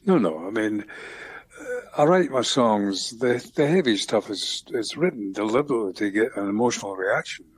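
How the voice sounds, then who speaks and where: An older man with a Scottish accent, a songwriter being interviewed on radio, talking in a reflective, unhurried way with many pauses and restarts. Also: lowish voice, animated, a little hiss or hum. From Scotland. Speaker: guest songwriter.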